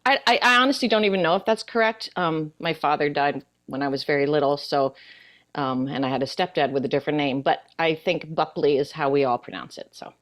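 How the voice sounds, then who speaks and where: An older woman, an actress guest in a casual interview, chatting and telling a long joke in an animated way. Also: deep voice, a little fast.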